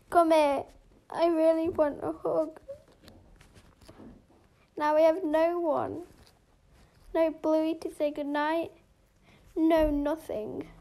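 A woman's voice: high-pitched, flat delivery, drawn-out words, long pauses, warm tone. A woman playing the lead in her own game role-play story, talking in an emotional, dramatic way. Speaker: storyteller and main character.

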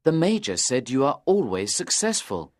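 A man's voice: mid-range voice, very animated, moderate pace, no echo, clean studio sound. A man voicing a nervous young man in his twenties in storybook dialogue for English learners, earnest and pleading. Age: 20s. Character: nervous, pale young man seeking help.

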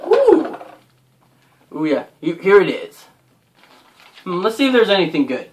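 A young man excitedly gushing as he unboxes a subscription crate, full of "oh my gosh" and filler words. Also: high-pitched, moderate pace. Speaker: unboxing vlogger. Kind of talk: casual unboxing commentary.

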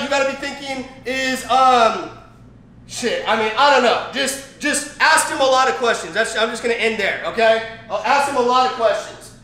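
Man, very high voice, rambling and emphatic, network marketing trainer, echoey room. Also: pushed and bright. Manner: rambling, repetitive, emphatic, with many fillers and restarts. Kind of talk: casual motivational training talk. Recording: roomy echo.

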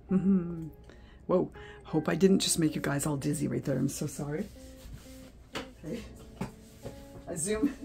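A woman who hosts an art channel talks casually to her viewers in a vlog to camera, emotional, teary, and sniffly, gushing and laughing often. Her voice is fairly low and mellow with vocal fry, and the recording is rough.

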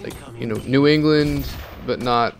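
A gamer man with a Northeastern American accent rambles profanely over voice chat, his voice gravelly with fry. He sounds like he's on a headset mic, with a noisy background and gunfire all around. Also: medium pitch, unhurried. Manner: rambling, profane, thinks aloud. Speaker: gamer streaming with friends. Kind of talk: casual chat over game voice chat.

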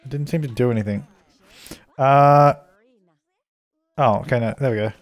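A man's voice: medium pitch, moderate pace. A man giving casual, chatty commentary over a life-simulation game, laughing often and telling his characters what to do. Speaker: let's play host.

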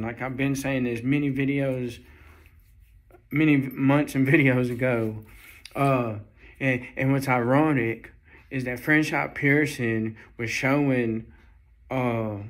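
Slow-talking man preaching warnings. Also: medium pitch. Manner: halting, repeats phrases, preachy warnings. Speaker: Christian video preacher. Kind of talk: fervent religious vlog monologue.

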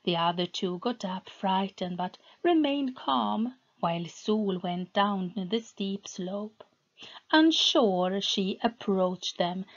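A woman narrates a fantasy novel in a measured storytelling voice. Her pace is very slow and unhurried. The recording sounds a little dull and muffled. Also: medium pitch. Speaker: audiobook reader. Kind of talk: scripted narration.

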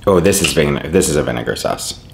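A man's voice: very deep voice, lively intonation, a little fast, gravelly, background noise. A young man from the United States, chatting bubbly and casual in a food vlog, with lots of "um" and "like". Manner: bubbly, chatty, many fillers. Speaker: food vlogger.

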